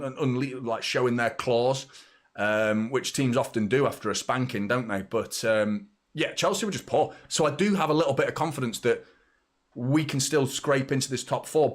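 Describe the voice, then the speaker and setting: A man in his thirties hosts a football watchalong stream in a loose, rambling chat. He talks at an ordinary middle pitch and reads out viewers' super chats as he goes. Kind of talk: casual live-stream chat.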